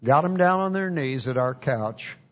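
A man's voice: medium pitch, expressive, normal speed, fairly bright tone. A man preaching a testimony in an earnest, folksy storytelling way, on a dull lo-fi recording.

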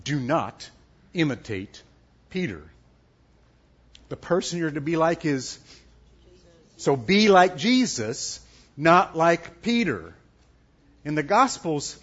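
A middle-aged man preaching a sermon as pastor, emphatic and lively, dropping suddenly soft for effect. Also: a little high, husky. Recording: dull lo-fi sound.

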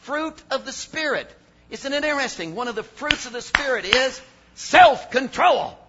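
Animated high-voiced older man preaching. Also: normal speed, a little hiss or hum. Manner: animated, swings from low mutters to shouted emphasis. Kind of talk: sermon. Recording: dull lo-fi sermon recording.

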